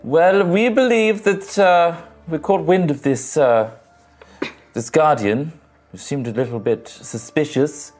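A man playing a tabletop game, explaining events calmly and in measured terms in character. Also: on the high side, soft background music. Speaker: player. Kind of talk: in-character tabletop role-play.

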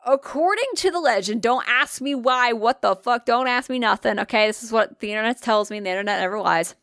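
A woman's voice: a little high, a little fast, fairly bright tone, no echo, studio quality. Chatty, swearing young woman storyteller. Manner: chatty, swears often, laughs a lot. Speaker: podcast co-host telling ghost stories. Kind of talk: casual chat.

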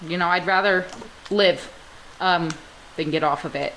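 A young woman from Georgia co-hosting a podcast in casual chat, blunt and joking, often trailing into low mutters. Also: a little slow, a bit bright, rough recording. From Georgia, USA. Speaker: podcast co-host. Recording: faint background noise.

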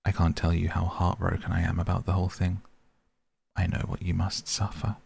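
A man's voice: low voice, monotone, a little fast, gravelly, darkish tone, a little hiss or hum. A man reading the part of an earnest, grieving male painter in a sleep story, speaking in a pleading, reproachful way. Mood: pained, reproachful.

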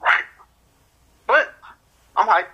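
A man co-hosting a casual podcast chat, blunt and profane, with deadpan complaints. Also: extremely slow, muffled recording. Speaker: podcast co-host.

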